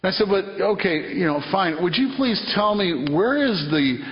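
A man's voice: high voice, animated, normal speed. A man preaching a sermon in an earnest way, repeating phrases and acting out conversations, heard in a church hall. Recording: muffled sound in a long-echo hall.

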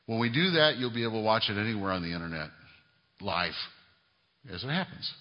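A middle-aged pastor preaches in a church sanctuary, his fairly low voice ringing with long reverb. He climbs to emphatic raised peaks, then falls back to quiet asides. The recording is dull and lo-fi. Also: sing-song, brisk. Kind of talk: sermon. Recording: reverberant hall, lo-fi sound.

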